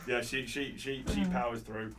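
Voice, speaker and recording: A man's voice: medium pitch, lively intonation, normal speed, a bit bright. A man narrating a tabletop game as game master, stammering and repeating words as he goes. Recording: distant mic with faint noise.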